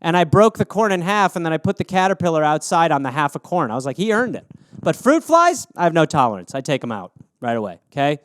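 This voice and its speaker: A man's voice: fairly high pitch, sing-song, fast talker, a bit bright, smooth, no room sound, studio quality. A man in his thirties hosting a comedy podcast alone, riffing on listener suggestions, rambling and swearing, and slipping into silly voices.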